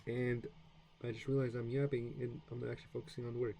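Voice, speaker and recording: It's a low-quality recording with a bit of hiss or hum: a US man talks fast and flatly in a medium, dark-toned voice. He's casually streaming his beginner French practice, rambling, putting himself down, and restarting often amid plenty of fillers.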